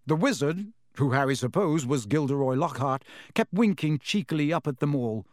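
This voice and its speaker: Brief: male audiobook narrator, steady storytelling, slightly high, dry studio sound. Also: moderate pace, no room sound.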